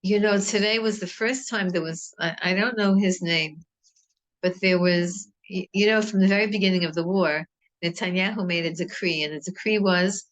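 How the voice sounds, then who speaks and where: A woman's voice: mid-range voice, moderate pace, a bit bright. A middle-aged woman teaching a Torah class in an earnest, rambling way, with many restarts. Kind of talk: informal Torah talk.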